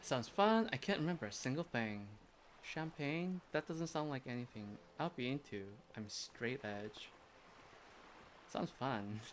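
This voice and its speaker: A man's voice: mid-range voice, animated, moderate pace, a little hiss or hum. A man streaming a video game, chatting casually and sarcastically, swearing and laughing often.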